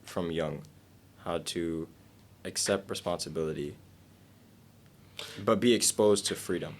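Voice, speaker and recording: Young male podcast co-host, very low voice, earnest and conversational. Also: measured pace, a little hiss or hum. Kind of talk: casual chat.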